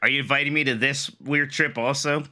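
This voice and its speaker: A man's voice: mid-range voice, fairly even intonation, fairly quick, sharp tone. A man co-hosting a casual gaming show, telling a long story in a chatty way with dry quips. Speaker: co-host.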